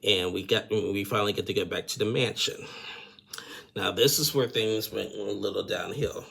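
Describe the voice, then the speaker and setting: A man's voice: lowish voice, normal speed, gravelly, a bit bright, slightly rough. A man casually retelling a reality TV episode, rambling and a bit tired. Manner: rambling, full of fillers and "and everything". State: yawning, tired. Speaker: reality TV recap vlogger.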